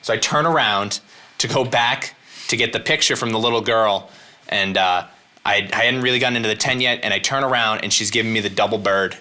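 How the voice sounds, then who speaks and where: A man's voice: on the low side, a little fast, sharp tone, a little hiss or hum. A male comedian telling a comic story as an interview guest, acting out other people's lines as he goes.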